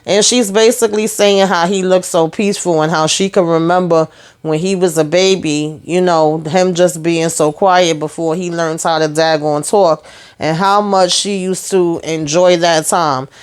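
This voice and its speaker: A young adult woman hosting a casual TV episode recap, telling the story in a sassy, animated way with plenty of asides. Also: fairly low pitch, normal speed, clear, resonant tone.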